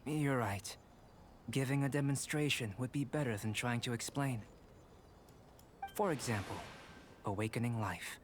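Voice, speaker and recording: An actor playing a calm, detached young alchemist and painter who talks in an even, scholarly, slightly bored cadence. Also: male voice, mid-range voice, unhurried, long pauses, slight background noise, close to an everyday voice.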